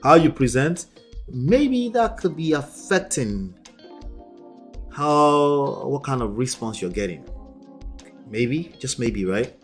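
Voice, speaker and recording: A man's voice: medium pitch, sing-song, slow pace, long pauses. Host type: man, emphatic relationship coach, faint music under his voice. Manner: emphatic, repeats points, laughs often. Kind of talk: casual reaction commentary.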